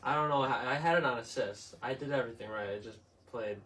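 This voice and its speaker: A man's voice: medium pitch, quick pace, sharp tone, recorded from a distance. A man producing a live stream, explaining a glitch in a hesitant, apologetic way. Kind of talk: backstage chat.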